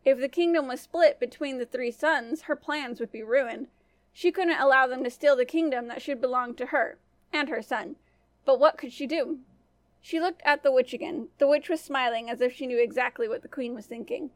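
A woman storyteller narrating a fairy tale for a family-friendly podcast in a gentle manner. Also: sits high, moderate pace, dry recording.

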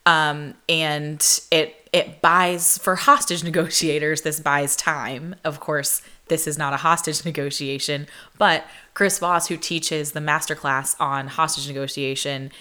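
Chatty low-voiced woman telling a story. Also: a little slow, few pauses, clear, resonant tone. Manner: chatty, animated, lots of "like", acts out quoted voices. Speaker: podcast host. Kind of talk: casual storytelling monologue.

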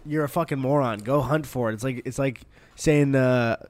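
A man's voice: mid-range voice, normal speed, darkish tone. A young American man co-hosting a podcast, chatting casually and joking in a rambling way. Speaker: podcast co-host. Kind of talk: casual chat.

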